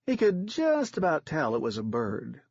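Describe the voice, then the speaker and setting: A man's voice: a little high, wildly swooping pitch, moderate pace, darkish tone, slightly rough, dry recording, dull audio. A man reading a third-person audiobook story in a plain, matter-of-fact manner. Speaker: audiobook narrator.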